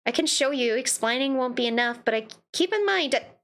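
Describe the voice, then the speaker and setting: A woman's voice: high voice, lively intonation, fairly quick, a bit bright. A woman streaming a game, reading its dialogue aloud and reacting playfully between lines. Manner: playful, reads text then comments with laughs.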